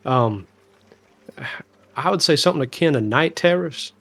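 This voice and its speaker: Gravelly man, sheepish player. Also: fairly high pitch, expressive, moderate pace, fairly bright tone, no echo. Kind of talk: tabletop role-play.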